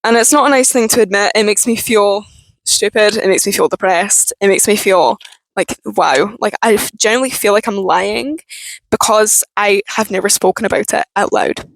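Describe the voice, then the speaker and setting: A young woman with a Scottish accent, talking frankly and haltingly in a personal vlog. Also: medium pitch, creaky, no room sound, rough recording. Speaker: vlogger.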